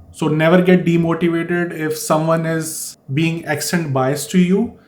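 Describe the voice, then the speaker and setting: A man's voice: a little high, a little mellow. A man from India with an Indian accent, giving earnest, explanatory advice in a vlog and repeating his key points. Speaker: vlogger. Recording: echoey room.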